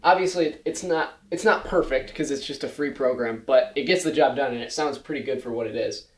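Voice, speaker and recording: A teenage boy talks through his project slides in a relaxed, chatty way, explaining each step as he goes. His mid-pitched voice rings out in a roomy space. Faint music plays underneath. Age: late teens. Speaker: student presenter. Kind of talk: casual slideshow presentation. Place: school presentation room.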